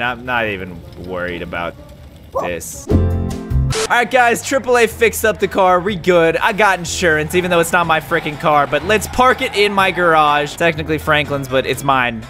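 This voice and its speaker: Hyper young man shouting over gameplay. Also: a little high, big pitch swings, normal speed, soft background music. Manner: hyper, shouty, frequent squeals and laughs. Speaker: gaming YouTuber. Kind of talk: excited gameplay commentary.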